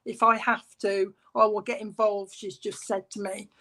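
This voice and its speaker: A woman's voice: medium pitch, level tone, normal speed, pushed and bright. A woman working as a medium at a church service, chatting as she relays messages, often adding asides and starting over. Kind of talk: clairvoyant reading at a church service.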